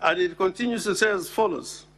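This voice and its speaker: A man, making a formal legal address to a Senate chamber and deliberately reading out and stressing constitutional text. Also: high-pitched, a bit bright. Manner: deliberate, emphatic, reads legal text aloud.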